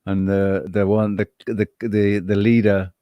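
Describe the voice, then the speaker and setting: A man's voice: on the low side, little pitch movement, a little slow, no room sound, lo-fi sound. A man co-hosting a casual chat, telling rambling, profane stories with many restarts. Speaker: co-host.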